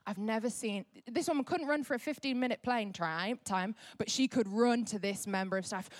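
Animated woman preaching a sermon. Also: on the high side, brisk, few pauses, no echo, clean studio sound. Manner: animated storyteller acting out quotes.

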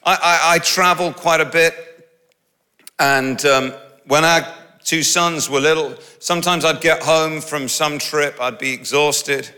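Bright-voiced preacher in a hall. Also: male voice, on the high side, a little slow. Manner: lively, conversational preaching with humorous asides. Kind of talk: sermon. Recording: long reverb of a large hall.

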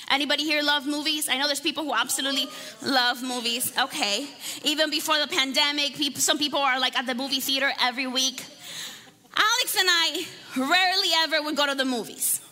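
A woman pastor praying and then preaching a sermon in a chatty, conversational way, asking the congregation questions. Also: sits high. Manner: warm conversational preaching with laughs and audience questions. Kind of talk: sermon with opening prayer. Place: church hall. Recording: long hall reverb with faint music.

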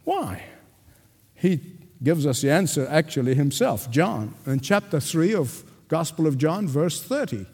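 A pastor preaching a sermon to a congregation, emphatic and insistent, often repeating a word for stress. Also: male voice, fairly high pitch, big pitch swings, measured pace, a little mellow, slightly rough. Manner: addresses the congregation directly. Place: church sanctuary before a congregation. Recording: long reverb of a large hall.

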